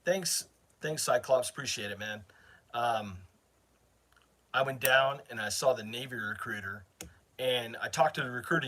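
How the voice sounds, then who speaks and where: A man's voice: medium pitch, normal speed, long pauses, bright, forceful tone, a little hiss or hum. Chatty man telling a long story. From northern Maine, USA. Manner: rambling, chatty, self-interrupting. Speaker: channel host. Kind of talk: casual storytelling to a live chat.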